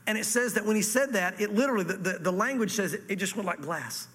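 A man preaching an expository sermon, animated, reading scripture dramatically and dropping to hushed asides. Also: high voice, quick pace, long reverb tail. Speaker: pastor.

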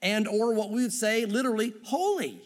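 High-voiced male pastor in a reverberant hall. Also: fairly quick. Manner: animated, conversational preaching with asides. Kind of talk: sermon. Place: church sanctuary. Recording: long reverb of a church hall.

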